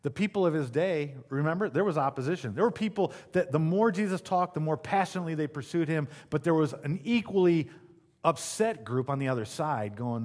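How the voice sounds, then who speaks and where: A man's voice: a little high, expressive, brisk, a little mellow. A male pastor preaching a sermon in a conversational, emphatic way, with asides to the congregation.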